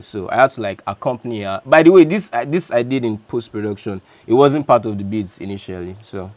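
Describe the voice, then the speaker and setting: A man's voice: mid-range voice, lively intonation, a little fast, hardly any pauses. A man, a music producer, casually walking through how he built a beat, talking loosely and correcting himself as he goes. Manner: chatty, loose, self-correcting. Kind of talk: casual beat breakdown walkthrough.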